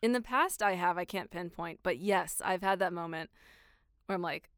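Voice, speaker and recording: A woman in casual chat, giving unhurried, thoughtful replies. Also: on the low side, fairly bright tone, dry recording, studio quality.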